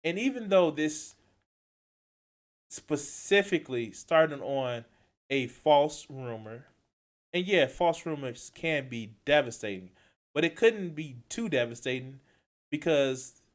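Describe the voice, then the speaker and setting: Kinda high-voiced guy streaming reactions, cusses a ton, goes from mumbly to loud rants. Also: expressive, slow, pauses often. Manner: blunt, swears, swings between mumbling and loud outbursts. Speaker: commentary streamer.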